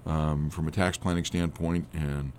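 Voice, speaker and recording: A hoarse man with a cold, an accountant guest on a radio show, talking casually with frequent restarts. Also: a bass voice, level tone, darkish tone, a little hiss or hum. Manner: halting, many restarts.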